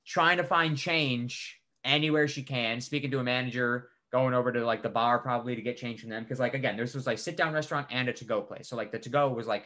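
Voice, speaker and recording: A man co-hosting a podcast, telling a story in animated casual chat, swearing freely and saying "like" a lot. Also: medium pitch. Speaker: podcast co-host.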